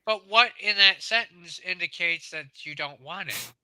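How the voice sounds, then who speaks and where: A man's voice: high-pitched, measured pace, bright, forceful tone, clear, resonant tone, no echo. A man co-hosting a casual chat, asking puzzled, argumentative questions.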